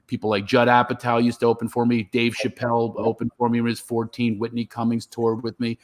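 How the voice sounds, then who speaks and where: A middle-aged man, a stand-up comedian, telling stories on a live stream and acting out his own reactions. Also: mid-range voice.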